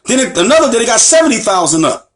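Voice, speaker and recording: A man's voice: very high-pitched, big pitch swings, quick pace, a bit bright. An American man giving an impassioned lecture as an Islamic teacher, emphatic and repetitive, with rhetorical questions to his listeners. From United States. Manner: emphatic, repeats phrases, asks the audience rhetorical questions.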